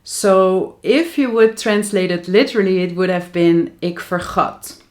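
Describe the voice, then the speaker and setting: A woman's voice: medium pitch, a little slow, a little mellow. A Dutch woman with a Dutch accent, a teacher patiently and methodically explaining grammar to learners. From Netherlands.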